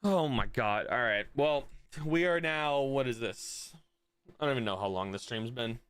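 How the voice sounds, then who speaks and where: A man's voice: medium pitch, moderate pace, fairly bright tone, clear, resonant tone, dry recording. A man streaming live, ranting at his viewers after a soccer match in an exasperated, profane way, and trailing off in mutters between points. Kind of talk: live stream reaction rant.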